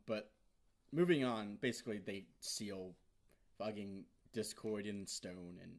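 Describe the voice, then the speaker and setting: Excited, rambling young man recapping. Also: on the low side. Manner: excited, rambling, swears a lot, bursts into loud shouts. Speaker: vlogger. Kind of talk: casual episode recap.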